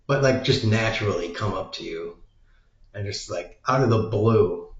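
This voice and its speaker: A man's voice: on the low side, moderate pace. A man rambling in a crude, meandering monologue, swearing often. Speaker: vlogger. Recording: roomy, dull lo-fi sound.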